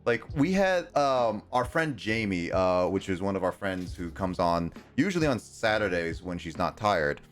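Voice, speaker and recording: A young man with a somewhat low voice chats on a stream, halting and restarting often with lots of ums. Faint music sits behind him. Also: very animated. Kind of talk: casual chat.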